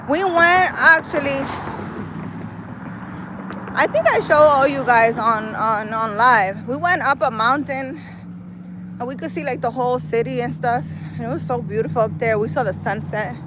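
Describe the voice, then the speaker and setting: A vlogger walks through a city park on a live stream, reading chat and rambling casually with plenty of "like" and "I don't know." Her voice is on the high side at a moderate pace, with background noise.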